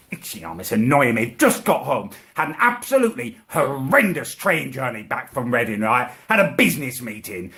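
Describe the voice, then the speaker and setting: Ranting man, lively pitch. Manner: furious ranting, swearing, petty indignation. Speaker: comedic vlogger. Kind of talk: angry ranting vlog.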